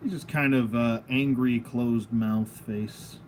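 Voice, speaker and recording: In a slow, medium-pitched voice with fairly even intonation, a man rambles through a casual, unscripted toy review at home at a table of figures, goofy and laughing at himself. He's the toy reviewer and channel host, and there's slight background noise.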